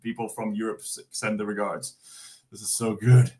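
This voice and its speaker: A man's voice: lowish voice, level tone, moderate pace, darkish tone. A Scottish man hosting a livestream, chatting casually in a jokey, rambling way. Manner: jokey, giggly, rambling with fillers. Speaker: streamer host.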